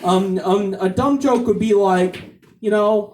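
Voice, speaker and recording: Halting, slow-talking male stand-up comic. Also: high-pitched, a little mellow, recorded from a distance, a little hiss or hum. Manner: halting, with many repeated fillers. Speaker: stand-up comedian. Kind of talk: stand-up comedy set. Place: comedy club stage.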